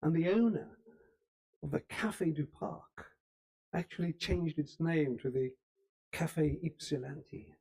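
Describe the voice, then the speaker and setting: A man delivers a history talk in a church hall, telling it like a story and now and then restarting a phrase. His voice sits a little high but stays warm and mellow. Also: vocal fry. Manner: storytelling, unhurried, with small restarts. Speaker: speaker giving a history talk. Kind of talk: lecture.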